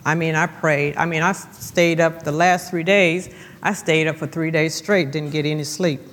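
A woman giving an emphatic church testimony, repeating phrases and slowing down for effect. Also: low-pitched, fairly even intonation. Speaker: guest speaker giving testimony. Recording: long church-hall reverb.

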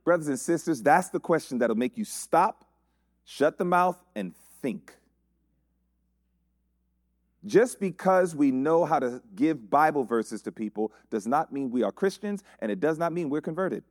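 Animated preacher man, slightly high voice. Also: normal speed, dry recording, clean studio sound. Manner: animated preaching with rhetorical questions and repetition. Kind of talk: sermon.

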